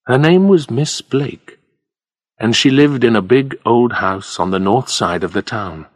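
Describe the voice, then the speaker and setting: A man narrating a story for learners of English, reading in a clear, steady storytelling manner. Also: medium pitch, unhurried, dry recording.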